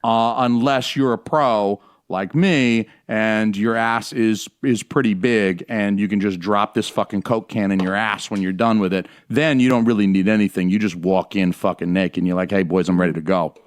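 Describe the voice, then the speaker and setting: A man competing on a comedy podcast panel, giving a profane, mocking, fast-riffing rant. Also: on the low side, fairly even intonation, smooth, no echo, studio quality.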